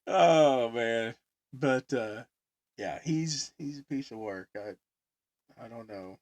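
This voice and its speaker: A man's voice: medium pitch, animated, slow pace, darkish tone, no room sound. A middle-aged man co-hosting a podcast, telling rambling stories and laughing often, with close, dry sound. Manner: rambling anecdotes with lots of laughter and acted quotes. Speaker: podcast co-host. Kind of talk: casual chat, storytelling.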